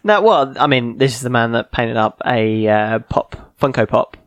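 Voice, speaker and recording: A man co-hosting a casual hobby podcast, relaxed and wry, laughing often. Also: medium pitch, normal speed, no echo. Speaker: podcast co-host.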